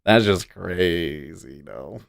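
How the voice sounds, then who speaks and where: A man's voice: sits low, lively intonation, takes it slowly, creaky. A man hosting a day trading livestream, chatting casually and easily with his viewers and chuckling often. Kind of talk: casual live-stream chat.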